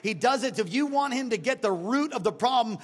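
A man preaching a sermon as pastor, swinging between loud exhortation and quiet, joking asides. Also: extremely high pitch, animated, fairly quick, husky, in a large hall. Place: church.

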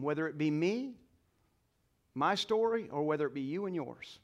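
A male pastor preaching a sermon to a congregation, leading call-and-response, swinging between quiet asides and loud exclamations. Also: on the high side, animated, moderate pace, pauses often. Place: church sanctuary.

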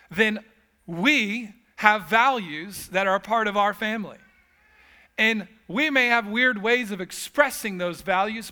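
Stern frugal dad, lecturing son, a man putting him on, high bright voice. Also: exaggerated voice.

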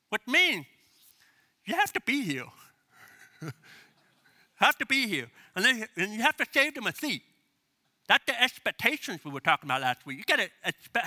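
A man preaches a sermon as pastor in a high, sing-song voice that is bright, forceful, and a little quick. He is emphatic and repetitive, hammering key phrases and leading the congregation to call them back after him.

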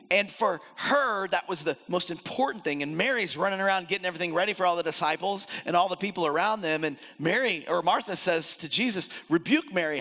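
A man preaching a sermon in an animated way, acting out the voices he quotes and swinging between loud and soft. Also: on the high side. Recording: long hall reverb.

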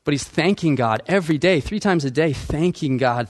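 A man's voice: a little high, animated, normal speed, hardly any pauses. A male pastor preaching a sermon, asking the congregation questions and acting out quoted lines.

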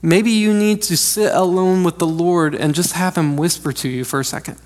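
A man's voice: high voice, fairly even intonation, normal speed, a little mellow. A man in his thirties preaching a conversational, joking sermon from a church stage, restarting his sentences often. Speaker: pastor. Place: church sanctuary. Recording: long reverb of a large hall.

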